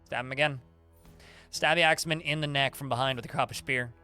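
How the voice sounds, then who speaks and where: Bright-voiced man streaming a game. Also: medium pitch, fairly even intonation, quick pace, smooth, faint music behind. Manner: reads game combat log aloud, with fillers and restarts. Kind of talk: livestream gameplay commentary.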